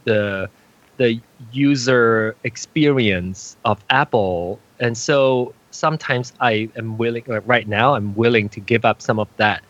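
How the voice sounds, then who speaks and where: A man's voice: mid-range voice, a bit bright, dry recording, lo-fi sound. A man co-hosting a casual tech chat, laughing often and restarting his sentences. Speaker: podcast co-host.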